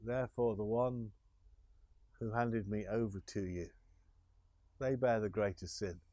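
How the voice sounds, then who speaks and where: A man voicing a calm, grave male prisoner who answers in a measured way. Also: on the low side, no room sound, close to an everyday voice.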